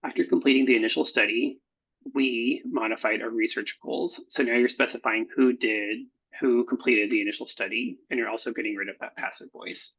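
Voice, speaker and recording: A man who edits research proposals, talking through slides in a recorded workshop, halting often with fillers and self-corrections. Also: mid-range voice, husky. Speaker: proposal editor. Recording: dull lo-fi recording.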